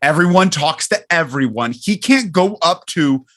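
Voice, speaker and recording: A man's voice: fairly high pitch, lively intonation, unhurried, a bit bright, no room sound. A young man co-hosting a casual podcast, reading listener comments aloud and laughing often. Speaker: podcast co-host. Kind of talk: casual chat.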